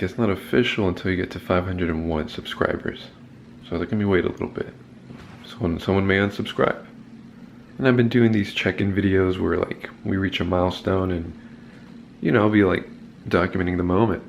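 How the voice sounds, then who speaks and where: A man's voice: sits low, vocal fry, a little hiss or hum. A man hosting his own channel, chatting casually and upbeat about reaching subscriber milestones. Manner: upbeat, laid-back, celebrating milestones. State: scratchy just-woke-up voice. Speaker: YouTube channel host. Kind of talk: casual check-in vlog.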